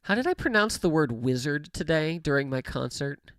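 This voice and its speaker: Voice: medium pitch, expressive, normal speed, a bit bright, no room sound. A gaming livestream host chatting casually into a studio mic with a pop filter, rambling with fillers and self-corrections and laughing often. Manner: laughs often while talking. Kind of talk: casual chat while livestreaming a game. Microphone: studio microphone with pop filter.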